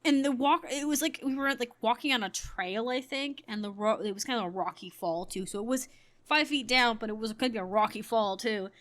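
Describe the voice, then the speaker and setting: A woman's voice: a little high, fairly quick, a bit bright. A woman in her thirties telling a story casually while gaming, rambling and correcting herself, with frequent laughter. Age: 30s. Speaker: gaming streamer.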